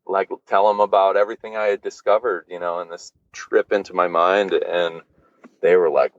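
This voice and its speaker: A man's voice: deep voice, steady tone, normal speed, dry recording, dull audio. A man guesting on a podcast, telling a personal story casually, with lots of fillers and swearing. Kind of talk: candid storytelling.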